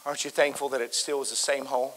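In a church sanctuary, a man delivers a fervent sermon full of repetitions and stammered restarts, swinging from loud exhortation to softer pleading. His voice is medium-pitched, his delivery flat, and his pace quick.

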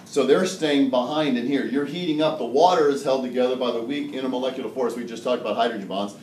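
A high school chemistry teacher, male, talks fast in a mid-range voice, joking around and laughing often as he animatedly explains. The mic sits far away in a roomy classroom, and there's a little hiss or hum.

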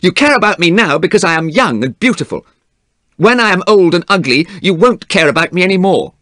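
A vain young man dreading age speaks in a raised, emotional, pleading voice, as a male reader puts him on. The lines swing widely in pitch. The recording is dry and close. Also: big pitch swings, normal speed, fairly bright tone, slightly rough, no room sound, exaggerated voice. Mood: upset.

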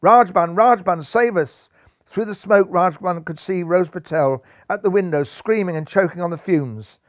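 A man narrating a children's storybook with dramatic, animated delivery. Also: sits high, moderate pace, no room sound, clean studio sound.

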